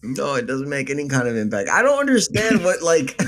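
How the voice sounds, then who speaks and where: A man's voice: medium pitch, big pitch swings, brisk, fairly bright tone. A man co-hosting a casual sports chat, emotional and exasperated, with frequent stammering restarts. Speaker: co-host.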